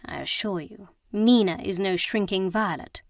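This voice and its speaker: A woman's voice: medium pitch, moderate pace, fairly bright tone, no room sound, studio quality, natural voice. A woman voicing a jovial, mocking aristocratic man who teases his half-sister. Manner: teasing and boisterous.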